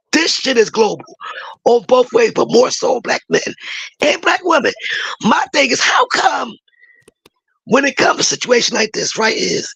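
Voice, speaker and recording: A hoarse woman with a raspy voice, a caller in a chat room giving an emotional, impassioned opinion and breaking into shouts. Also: high-pitched, no room sound, poor audio. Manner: emotional, apologetic, bursts into shouting.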